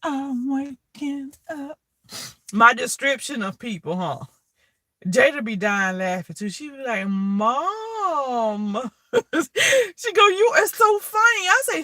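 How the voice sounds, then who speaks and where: A woman telling stories in a blunt, animated and profane way. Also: high-pitched, slow, dry recording. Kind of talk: casual storytelling.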